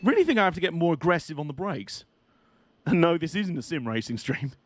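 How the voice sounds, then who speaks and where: A man giving excitable, jokey, mock-outraged live commentary while streaming a game. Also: on the high side, brisk.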